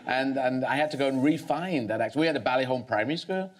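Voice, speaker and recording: A man's voice: mid-range voice, quick pace. Rambling, reflective male talk show guest. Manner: thoughtful, rambling, with many restarts.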